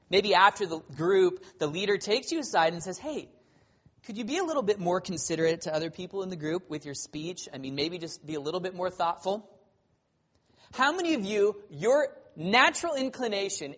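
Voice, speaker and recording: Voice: mid-range voice, fairly bright tone. Earnest preacher questioning the congregation. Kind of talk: sermon.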